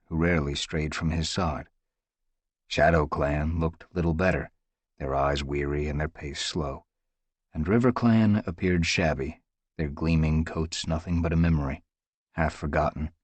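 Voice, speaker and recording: A man narrating an audiobook in a measured, dramatic storytelling manner. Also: a bass voice, husky, no room sound. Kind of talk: scripted narration.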